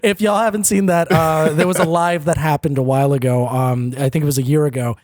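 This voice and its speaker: A man's voice: fairly high pitch, steady tone, brisk, a little mellow, dry recording, clean studio sound. A young man co-hosting a podcast in casual chat, playful and riffing on running jokes. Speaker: podcast co-host.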